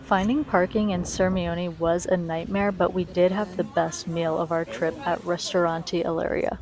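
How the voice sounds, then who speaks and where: A young woman narrates her travel vlog in a chatty, eager voice-over. Her voice sits a little low for a woman, and she often turns to speak straight to the viewers. It is recorded close on the mic. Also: flat delivery, normal speed, a crowd in the background. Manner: chatty and enthusiastic, addresses viewers directly. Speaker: travel vlogger.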